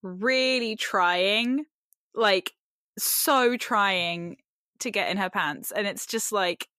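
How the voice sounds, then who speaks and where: A woman's voice: medium pitch, drawn-out words, pushed and bright, no room sound. Chatty woman podcaster, dry sound. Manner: chatty, lots of "like", laughs often. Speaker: podcast co-host. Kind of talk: casual chat.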